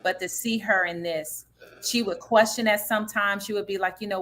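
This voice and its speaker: A woman's voice: mid-range voice, fairly even intonation, normal speed, a bit bright. A woman author and stage director answering interview questions earnestly and reflectively, with frequent fillers.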